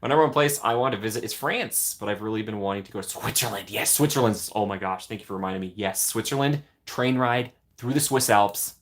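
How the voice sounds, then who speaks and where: A man's voice: fairly low pitch, fast, hardly any pauses. A man hosting a casual livestream, chatting and answering viewer comments. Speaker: livestream host.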